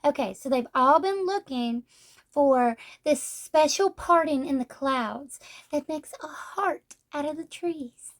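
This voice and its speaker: High-voiced chatty woman reviewer. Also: slow pace. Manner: chatty, blunt and sarcastic, acts out quotes. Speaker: book reviewer. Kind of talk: casual manga review chat.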